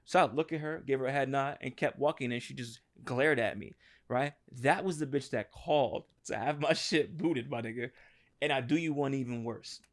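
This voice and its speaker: Animated New man telling a story. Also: mid-range voice, moderate pace. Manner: animated, profane, acts out quotes. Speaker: podcast co-host. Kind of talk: casual storytelling chat.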